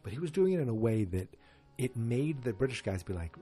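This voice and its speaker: A man's voice: medium pitch, very animated, brisk, warm tone, slightly rough, faint music behind. A man casually recapping a TV episode, rambling and correcting himself as he goes. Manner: rambling, self-correcting, many fillers.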